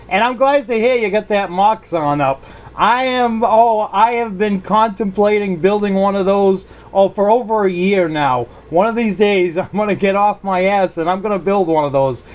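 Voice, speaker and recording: A man from South Carolina chats on the air as a ham radio operator. His voice sits fairly high, and he stays friendly and upbeat throughout. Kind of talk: radio contact chat.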